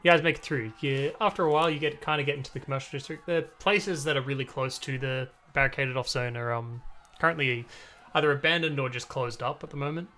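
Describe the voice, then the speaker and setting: Bright-voiced man running a tabletop game. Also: medium pitch, fast. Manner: loose, chatty narration with frequent fillers. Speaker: game master.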